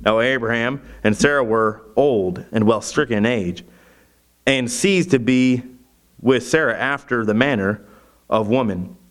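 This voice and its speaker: A man's voice: mid-range voice, a bit bright. A man preaching a sermon, reading scripture aloud and then explaining it with growing fervor, using many restarts and fillers. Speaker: pastor.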